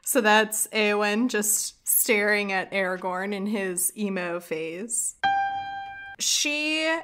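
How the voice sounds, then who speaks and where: A woman hosting a casual book-discussion podcast, talking in an animated, emphatic way and reading quotes aloud with feeling. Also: mid-range voice, slow pace, over loud music. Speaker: podcast host.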